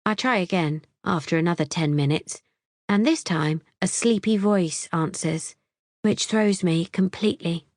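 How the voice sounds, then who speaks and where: A woman's voice: on the low side, moderate pace, a little mellow, dry recording, clean studio sound. A woman narrating a psychological thriller audiobook in the first person, wry and tense.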